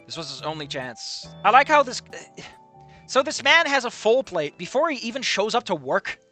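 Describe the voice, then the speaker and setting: A man's voice: sits high, big pitch swings, moderate pace, pushed and bright, faint music behind. A man reading a story aloud casually and commenting on it with sarcastic, swearing asides. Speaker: reader and commentator.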